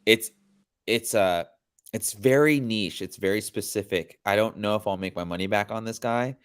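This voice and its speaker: Laid-back, rambling man with a lowish voice. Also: normal speed, clear, resonant tone. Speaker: podcast host. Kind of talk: casual chat.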